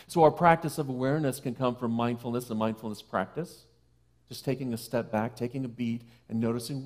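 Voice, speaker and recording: A man preaching a sermon to a congregation in a conversational way, with playful asides, who slows and softens for key phrases. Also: medium pitch. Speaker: minister. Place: church sanctuary.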